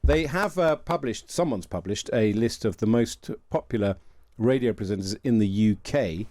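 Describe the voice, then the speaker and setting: A man's voice: on the low side, animated, moderate pace, mellow, no echo. A man hosting a radio talk show, chatting conversationally with a guest, agreeing readily and dropping in small fillers. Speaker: radio host. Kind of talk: radio political discussion. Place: radio studio. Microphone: studio microphone.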